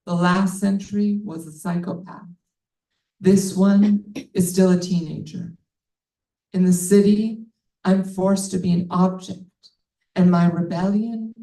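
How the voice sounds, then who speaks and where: A woman author reading her own writing aloud at a bookstore event, deliberate and earnest, with casual asides. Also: mid-range voice, steady tone, mellow, roomy sound, far from the mic, rough recording.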